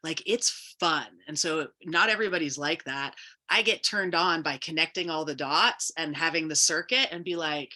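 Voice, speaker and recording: Woman guest, co-founder; deep yet bright tone, reflective and loosely rambling. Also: moderate pace. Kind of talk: casual interview chat.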